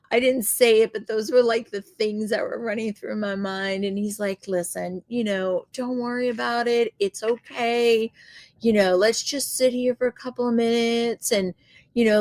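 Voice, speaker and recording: A woman vlogger telling a story to her viewers in a chatty, expressive way and laughing as she goes. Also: mid-range voice, dry recording, studio quality. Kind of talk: casual storytelling to camera.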